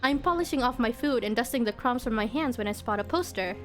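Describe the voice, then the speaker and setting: A woman's voice: on the high side, lively intonation, fast. A woman streamer reading a visual novel aloud in a casual way, often breaking into giggles. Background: faint game music.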